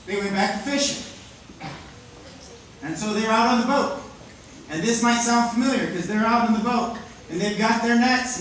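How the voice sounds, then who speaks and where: A woman telling a Bible story to campers, acting it out with sudden shouts and hushed drops. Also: mid-range voice, a little hiss or hum. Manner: dramatic, swings from excited shouts to hushed tones. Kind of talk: animated Bible story for children. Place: large indoor hall at a day camp. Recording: echoey hall from far off.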